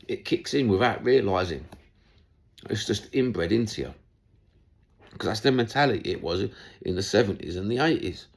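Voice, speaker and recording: A man's voice: fairly low pitch, animated, normal speed, long pauses. An older man with a London accent, chatting casually as a football fan, blunt, with heavy swearing and street slang. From North London, England. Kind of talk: casual chat.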